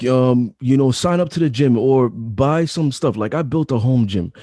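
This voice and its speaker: A man's voice: medium pitch, lively intonation, normal speed, warm tone, no echo, clean studio sound. A man in his thirties, a podcast guest talking casually, with emphatic, repetitive advice-giving. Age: 30s. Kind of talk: casual chat.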